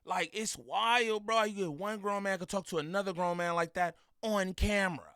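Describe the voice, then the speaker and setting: A man giving loud, slangy reaction commentary on video clips, laughing and mimicking the people in them. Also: sits high, normal speed, smooth, no room sound, clean studio sound. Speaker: reaction streamer.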